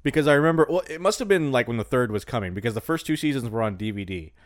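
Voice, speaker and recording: A man's voice: medium pitch, lively intonation, rapid-fire, dry recording, clean studio sound. A man co-hosting a podcast, chatting casually and cracking playful jokes. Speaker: podcast co-host. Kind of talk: casual chat.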